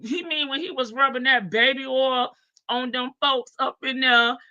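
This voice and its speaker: Bright-voiced chatty woman livestream host. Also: sits high, fairly even intonation, normal speed, no echo, highs cut off. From Chicago. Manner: chatty, greets viewers one by one, sassy asides. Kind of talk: casual livestream chat.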